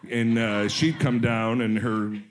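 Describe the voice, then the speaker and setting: A man's voice: mid-range voice, level tone, slow. A man in his forties, a guest telling stories in casual chat, joking and self-mocking. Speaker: podcast guest, actor.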